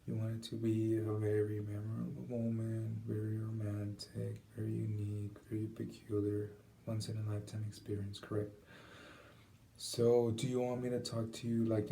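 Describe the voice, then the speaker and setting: A man's voice: on the low side, little pitch movement, normal speed, gravelly, warm tone. A man giving an informal, conversational talk with tips, acting out examples as he explains. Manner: casual, conversational, demonstrates examples aloud. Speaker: presenter. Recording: distant mic with faint background noise.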